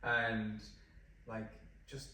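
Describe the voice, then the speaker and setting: A man's voice: fairly low pitch, completely flat delivery, drawn-out words, pushed and bright, slight background noise. Young Irish male fitness coach, chatty and rambling, in a roomy, echoey space with the mic set back. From Ireland. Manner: rambling, restarts sentences, heavy use of "like". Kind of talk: casual podcast conversation. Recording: very echoey room, distant mic.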